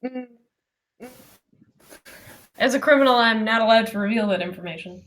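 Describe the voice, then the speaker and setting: Woman player, rambling and deadpan, voice a bit high. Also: normal speed. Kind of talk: casual in-character chat at a tabletop game.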